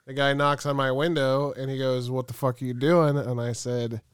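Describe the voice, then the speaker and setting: Smooth-voiced man telling a wild story. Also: mid-range voice, normal speed, dry recording, clean studio sound. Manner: animated, acts out quoted dialogue, swears freely. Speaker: podcast co-host. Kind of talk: comedic storytelling on a podcast.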